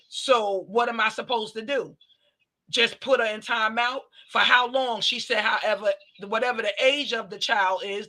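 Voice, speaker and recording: Animated woman retelling a story on a live show. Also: fairly high pitch, low-quality recording. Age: adult parent. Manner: animated, retelling events with quoted dialogue. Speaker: talk show host. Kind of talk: casual commentary on a live stream.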